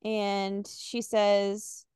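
A woman's voice: medium pitch, monotone, extremely slow, a little mellow, clean tone, no room sound, clean studio sound. A young woman co-hosting a podcast, recapping a novel and reading passages aloud with casual fillers. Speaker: podcast co-host.

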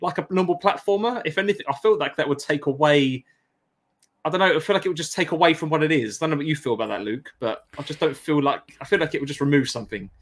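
A man's voice: fairly high pitch, fast. A man co-hosting a casual chat about a game, rambling and reading out chat comments. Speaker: podcast co-host.

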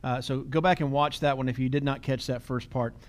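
A man's voice: mid-range voice, fairly even intonation, fairly quick. A middle-aged man hosting a podcast, talking casually, telling stories with quoted dialogue and laughing easily. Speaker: podcast host.

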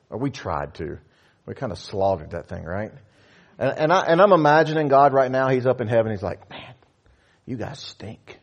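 A man preaching a conversational sermon, animated, slipping into playful asides. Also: a little high, breathy edge. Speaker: pastor.

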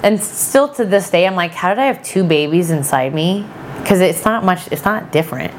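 A podcast guest in her thirties tells a story with her slightly low voice. She keeps the chat animated and acts out other people's lines. She sounds casual and talkative. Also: moderate pace, a little hiss or hum. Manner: animated, chatty, quotes people often.

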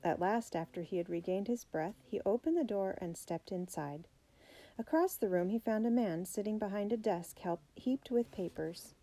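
A woman reading a children's biography aloud in a steady, clear storybook narration. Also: mid-range voice, normal speed, rough recording. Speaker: audiobook reader.

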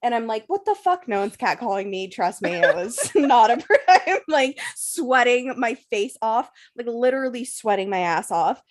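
A young woman with a slightly high voice rattles through a story in casual podcast chat. She swears constantly and packs "like" into nearly every phrase. She tells it as a run of breathless, jumbled clauses. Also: lively intonation, normal speed, few pauses. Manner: profane, breathless storytelling full of "like" fillers.

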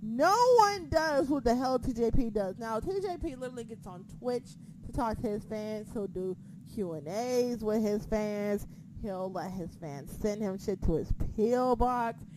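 A young woman co-hosting a casual wrestling chat, excitable and profane, laughing often. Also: on the high side, measured pace, background noise.

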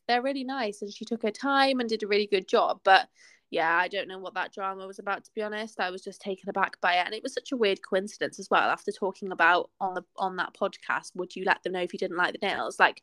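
A woman's voice: mid-range voice, fairly bright tone, no echo. A young woman co-hosting a podcast, telling a story in casual chat full of "like" fillers. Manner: chatty storytelling, many "like" fillers. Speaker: podcast co-host.

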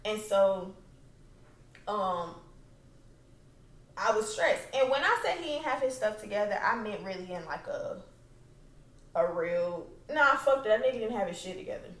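A woman's voice: medium pitch, expressive, moderate pace, long pauses, a bit bright. Young adult woman, podcast host, blunt profane storytelling, emphatic, recorded at home, distant mic, echoey room. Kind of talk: candid personal storytelling. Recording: roomy, away from the mic.

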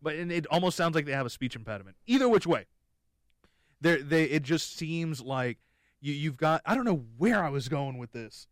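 Young man, podcast host, casual rambling talk, jokey, smooth resonant voice, dry close sound. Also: a little high, animated, moderate pace, dry recording. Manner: rambling, jokey, many restarts. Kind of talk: casual chat.

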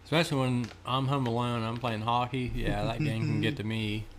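A man co-hosting a podcast in relaxed, profane casual chat, chuckling along. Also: medium pitch, brisk, a little hiss or hum. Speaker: podcast co-host.

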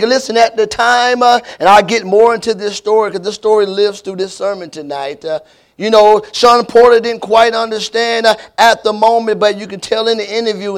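High-pitched guy preaching a sermon, lots of uh's, asks the church for amens. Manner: preaching with many fillers and call-and-response to the church; prays with repeated invocations. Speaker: pastor.

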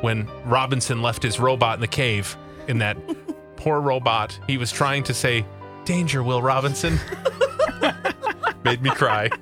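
A man's voice: medium pitch, huge pitch swings, takes it slowly, long pauses, music in the background. A man hosting a radio show, steering the talk and reading listener messages in an easygoing way. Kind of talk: casual studio banter, reading listener messages. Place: radio studio. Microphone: studio microphone.

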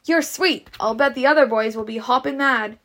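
A woman's voice: high voice, normal speed, a bit bright, voice pushed up. Scarlett, a woman doing a coy young Southern belle. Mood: teasing.

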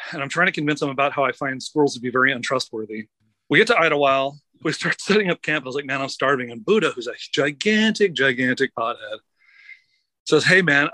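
A man's voice: a little high, bright, forceful tone, no echo, poor audio. A man co-hosting a podcast, telling a rambling story in casual chat, laughing and swearing freely. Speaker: podcast co-host. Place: outdoors by traffic.

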